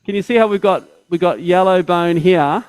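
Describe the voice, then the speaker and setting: A man's voice: sits high, normal speed, darkish tone, clear, resonant tone, dry recording, rough recording. A man, a surgeon, giving step-by-step teaching commentary during a live operation, often checking in with tag questions.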